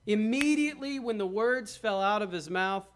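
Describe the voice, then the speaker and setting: High-voiced preacher man. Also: normal speed, a bit bright, smooth. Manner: preaching with dramatic quoted asides and rhetorical questions. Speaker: pastor. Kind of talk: sermon.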